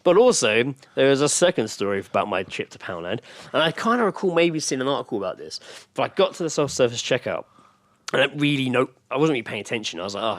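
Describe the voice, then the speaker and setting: A man co-hosting a podcast, telling sweary, animated anecdotes in casual chat. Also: mid-range voice, dry recording. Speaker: podcast co-host.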